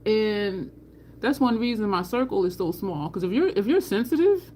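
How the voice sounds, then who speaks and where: A woman's voice: mid-range voice, lively intonation, moderate pace, a little mellow, slight background noise. A middle-aged woman from New Jersey with a New Jersey accent, hosting a makeup livestream in a blunt, candid and profane casual chat. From New Jersey, USA. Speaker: makeup channel host.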